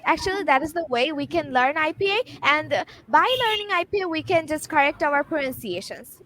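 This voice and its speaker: High-voiced woman explaining pronunciation. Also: fairly quick, poor audio. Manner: lively, emphatic explainer. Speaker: guest English speaker. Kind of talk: explaining pronunciation on a live show.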